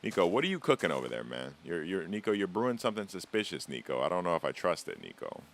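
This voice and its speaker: Deep voiced guy streaming a game, rambling and teasing his chat, swears a lot. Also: wildly swooping pitch, quick pace, fairly bright tone, a little hiss or hum. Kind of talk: casual live-stream chat while gaming.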